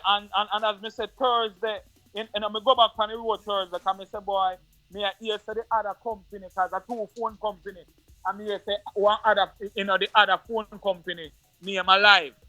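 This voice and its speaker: A man with a Jamaican accent, an interview guest who tells a personal story in patois in an animated way, often repeating his words. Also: sits high, normal speed, dry recording, faint music behind.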